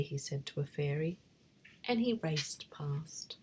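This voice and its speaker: A woman reading a bedtime story in a soft, breathy whisper. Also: sits low, expressive, slow pace, a little hiss or hum.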